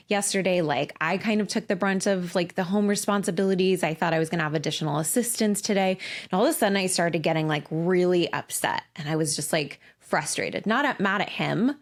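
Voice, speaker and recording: A woman's voice: fairly low pitch, a little fast. Candid, swearing woman podcast host. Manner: candid, swears freely, emphatic. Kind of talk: casual solo podcast monologue.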